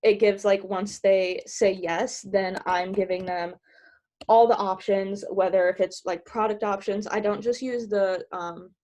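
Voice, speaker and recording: A bubbly woman rattles off advice at a quick clip, giggling between thoughts and peppering every sentence with "like". Her voice sits at an ordinary middle pitch. She comes through the compressed sound of a video call. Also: steady tone, a little mellow. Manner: bubbly, giggly, filler-heavy with many "like"s; talks fast. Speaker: team trainer sharing sales tips. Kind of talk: casual coaching talk.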